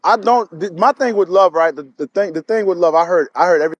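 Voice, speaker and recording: Man with a fairly high voice, live-stream co-host, emphatic, repeats himself, answers comments. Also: fast talker, no room sound, highs cut off. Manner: emphatic, repeats his points, frequent restarts. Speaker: livestream co-host. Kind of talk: casual live-stream chat.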